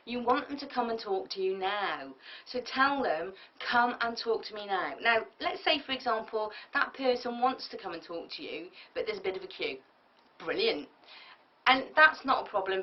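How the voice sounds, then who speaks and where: A woman coaching public speaking in a tutorial, lively and emphatic, often acting out sample lines. Her voice sits in a middle range for a woman. The sound is dull and lo-fi, as if taken from a mic set a little away from her. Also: mid-range voice, recorded from a distance. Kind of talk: tutorial lecture.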